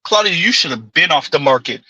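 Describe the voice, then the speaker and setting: A man's voice: on the high side, very animated, fairly quick, pushed and bright, no echo, lo-fi sound. A man, giving an opinionated commentary monologue with emphatic call-outs and rhetorical asides. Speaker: commentary vlogger.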